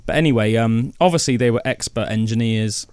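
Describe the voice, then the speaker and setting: A man co-hosts a casual podcast, telling a story in a loose, rambling way full of fillers. His pitch sits in the middle range. The sound is dry and close, with no room around it. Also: brisk, darkish tone, clear, resonant tone, no room sound. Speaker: podcast co-host. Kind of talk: casual chat.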